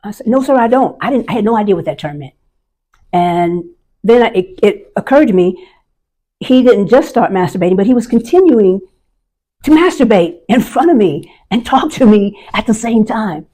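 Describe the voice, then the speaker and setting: An older woman from the United States, an Army veteran, telling a personal story in an earnest, halting way and acting out the voices she quotes. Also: mid-range voice, lively intonation, mellow.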